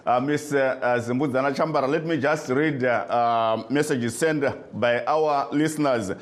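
A man, hosting a radio call-in debate and steering it calmly between guests. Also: mid-range voice, moderate pace. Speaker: radio host.

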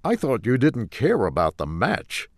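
A man's voice: mid-range voice, wildly swooping pitch, unhurried, no echo, clean studio sound, pitched above the performer's own voice. A man reading a story, voicing a confident male salesman who pushes finer goods, in a raised, assertive voice.

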